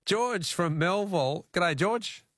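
An Australian man runs a radio talkback quiz in a chatty, joking way, often breaking into laughter. His pitch swings freely up and down as he talks. The studio sound is dry and close, with almost no room. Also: expressive, slow pace, a bit bright, no room sound.

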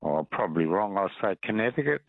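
A man calling in to a radio quiz in a friendly, relaxed way. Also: on the low side, a little fast, no room sound. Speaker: radio caller. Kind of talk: casual talkback call. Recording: tinny phone line.

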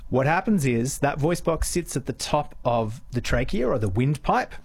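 Aussie guy explaining voice stuff on radio, calm and measured, mid pitch. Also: breathy edge. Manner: measured, explanatory, some fillers. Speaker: guest speech pathologist.

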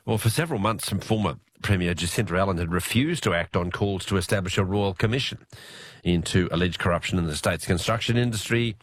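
Male Australian radio host, low voice, hoarse, loose chatty delivery. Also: quick pace, dry recording. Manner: relaxed, chatty with fillers. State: hoarse, unwell voice. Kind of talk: late-night radio news talk.

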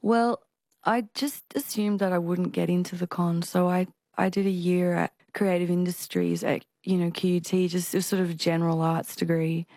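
A woman, a singer, talking in a casual interview with halting speech and frequent restarts from a stutter. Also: lowish voice, fairly even intonation, warm tone, no echo, studio quality. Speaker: singer and performer, interview guest.

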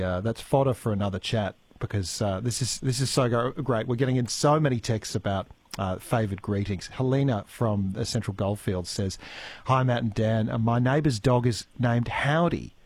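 A man's voice: lowish voice, darkish tone, dry recording. An Australian man hosting a regional radio morning show, talking casually with lots of fillers and restarts, reading out listener texts. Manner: chatty, stumbling restarts and fillers. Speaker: radio host. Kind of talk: live radio chat and links. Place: radio studio. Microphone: studio microphone.

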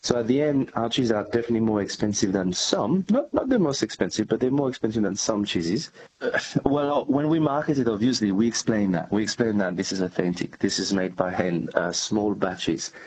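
A man's voice: lowish voice, lively intonation, fairly quick, a little mellow, slightly rough, poor audio. A man with a French accent, a cheesemaker answering radio interview questions in an earnest, explanatory way. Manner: earnest, explanatory, with frequent restarts. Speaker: cheesemaker, company director.

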